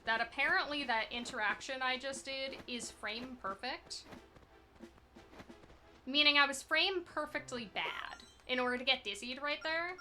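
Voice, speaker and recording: A woman with a high, pushed, bright voice streams a speedrun, chatting loosely and answering her chat as she plays. Her live gameplay commentary is casual, self-deprecating and giggly.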